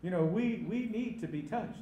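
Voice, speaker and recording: A man preaching a sermon, emphatic, sometimes rising to loud cries. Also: high voice, normal speed, roomy sound.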